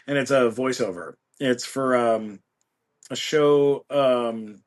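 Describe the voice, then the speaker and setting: A man, an interview guest, telling an anecdote in an animated, self-mocking way. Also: mid-range voice. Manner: animated, quick storytelling with self-mocking asides. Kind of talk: anecdotal storytelling.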